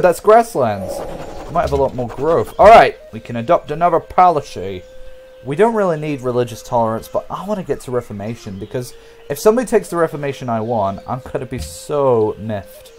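A man talks his way through a strategy game with a lively, bouncing delivery. He jokes, rambles and speaks to his viewers, and faint game music plays under his voice. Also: mid-range voice, normal speed. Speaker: gameplay commentator. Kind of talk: casual let's-play commentary.

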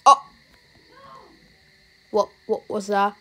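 A woman with an Irish accent giving let's-play commentary as a YouTuber, talking to herself and reacting with jumpy, excited outbursts. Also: medium pitch, slow, a little hiss or hum, low-quality recording. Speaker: YouTuber playing a game.

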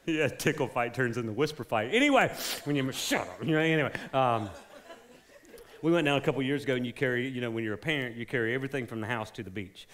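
A pastor, preaching a sermon in a joking, conversational way that builds to fervent exhortation. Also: male voice, mid-range voice, animated, fast talker, fairly bright tone. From South Carolina, US.

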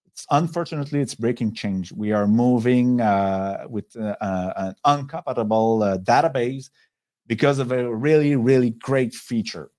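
Man, French accent, native French speaker, mid pitch, webinar presentation, halting, many restarts, video call. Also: darkish tone. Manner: halting, frequent pauses and restarts. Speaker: software company executive.

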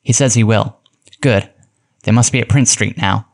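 A man reading aloud and voicing a confident male criminologist who gives crisp, commanding orders. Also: on the low side, fairly even intonation, moderate pace, close to an everyday voice. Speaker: detective giving orders.

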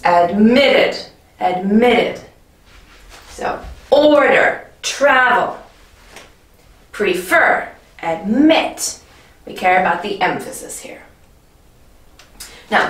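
A woman teaching an English grammar lesson in a clear, patient way, often checking in with the viewer. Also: a little high, a bit bright, roomy sound, recorded from a distance, poor audio.

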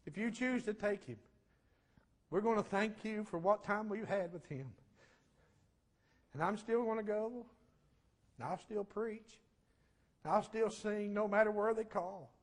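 A middle-aged man preaching a testimony sermon, fervent and swinging from shouts to a low hush. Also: measured pace, pauses often.

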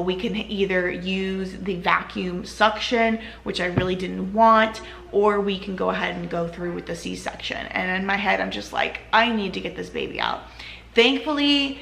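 A woman's voice: medium pitch, fairly even intonation, unhurried, creaky, hardly any pauses, a bit bright, roomy sound, a little hiss or hum. A woman vlogger casually telling her own story to camera, chatty and full of "like" and "you know".

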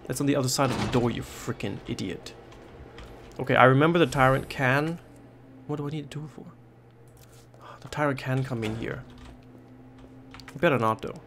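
Panicky gravelly man playing a horror game. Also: medium pitch, moderate pace, pauses often, a bit bright, slight background noise. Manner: panicky, swearing, repeating himself under stress. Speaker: gaming YouTuber. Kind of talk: horror game let's play commentary.

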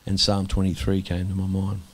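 In an interview, an Australian minister speaks candidly and earnestly but haltingly, with many restarts and moments where he goes quiet. He has a deep voice and a completely flat delivery.

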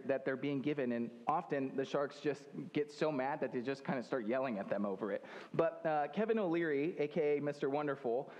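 In a church hall with long reverb, an American pastor preaches a sermon in a conversational way, dropping in joking asides. His voice is a little high with a darkish tone.

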